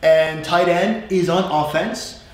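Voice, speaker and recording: American guy chatting on a live stream, kinda high voice, lots of uh and you know, really echoey room. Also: slow. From United States. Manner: relaxed, chatty, frequent fillers and repeats. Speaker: English teacher, live stream co-host. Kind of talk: casual live-stream chat. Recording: very echoey room, faint noise.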